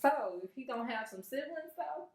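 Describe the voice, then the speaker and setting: Lively woman host, playful, echoey room. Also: high voice, moderate pace. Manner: lively, playful, laughs and jokes along. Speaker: interviewer, host. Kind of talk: casual interview chat. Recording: roomy, distant mic.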